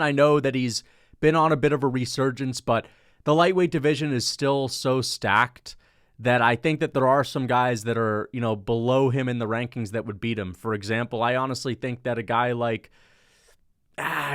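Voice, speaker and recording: A man's voice: medium pitch, steady tone, moderate pace, fairly bright tone, clean tone, dry recording, studio quality. A man hosting his own channel, casually ranking fighters, thinking aloud, changing his mind mid-sentence and swearing now and then. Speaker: MMA commentator and channel host.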